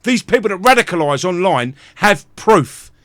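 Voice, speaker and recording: Angry high-voiced British man ranting. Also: sing-song, normal speed, fairly bright tone, no room sound, studio quality. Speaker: live stream host. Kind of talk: livestream rant.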